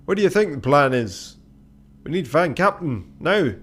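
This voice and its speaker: A man's voice: on the high side, lively intonation, moderate pace, voice pushed up. A man voicing a brash, angry male ship engineer who swears and barks orders. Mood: impatient. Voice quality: loud and gruff, swearing.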